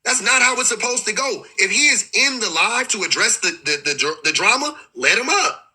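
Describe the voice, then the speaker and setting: A man's voice: high voice, animated, brisk, sharp tone, slightly rough, rough recording. A man hosting a livestream, rambling and exasperated, swearing freely and restarting his sentences often. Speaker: livestream host. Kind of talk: casual livestream commentary.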